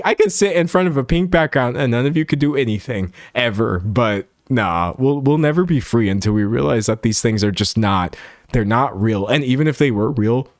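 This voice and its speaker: A young man chats on his live stream, riffing on viewer comments in a rambling, self-mocking way. His voice sits at a middling pitch and sounds dry and close, with almost no room around it. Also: no echo. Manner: rambling, self-mocking, animated, laughs often. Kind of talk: casual chat reading stream comments.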